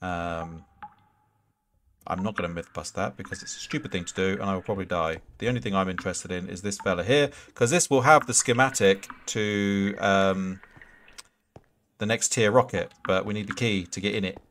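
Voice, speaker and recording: Low-voiced rambling streamer man. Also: moderate pace, a bit bright, a little hiss or hum. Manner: rambling, chatty, answers viewer chat questions; casual, swears freely. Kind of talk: live gameplay commentary and chat.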